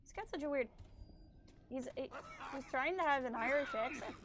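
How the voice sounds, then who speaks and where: A woman's voice: high voice, lively intonation, moderate pace, noisy background. A woman streaming a video game, chatting casually and reacting aloud as she plays. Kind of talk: casual live-stream commentary.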